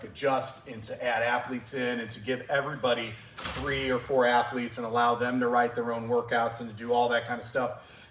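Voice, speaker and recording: A man's voice: medium pitch, fairly bright tone, slight background noise. A male track and field coach giving a conference talk, telling emotional stories from his coaching. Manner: emotional storytelling. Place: clinic session room. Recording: roomy hall from a distance.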